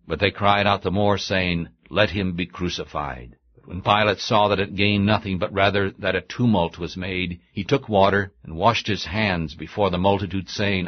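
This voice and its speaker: Deep male reader, measured and solemn delivery of scripture, dull lo-fi recording.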